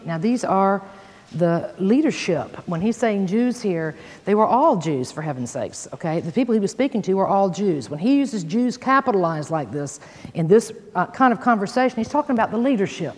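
A woman leads a sermon, reading scripture aloud with bold emphasis and dropping folksy asides to her listeners. Her voice swings widely in pitch. Long reverb trails her words. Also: expressive, moderate pace, darkish tone. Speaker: Bible teacher.

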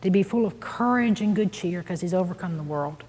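A woman's voice: on the low side, fairly quick, a little mellow. A woman teaching a Bible lesson in an earnest, emphatic preaching manner. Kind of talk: sermon. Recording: long hall reverb, husky voice.

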